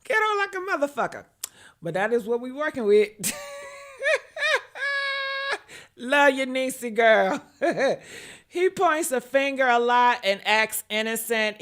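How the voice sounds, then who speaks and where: A woman's voice: a little high, sharp tone. A woman giving brash, profane livestream commentary, chatting with her viewers and teasing them by name.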